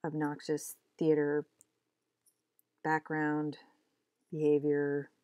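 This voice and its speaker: A woman's voice: low-pitched, monotone, slow pace, mellow, clean tone, no echo, muffled recording. A young adult woman chatting casually while she draws comics, rambling, mocking herself and talking to herself as she works. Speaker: comic artist vlogger. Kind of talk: casual chat while drawing.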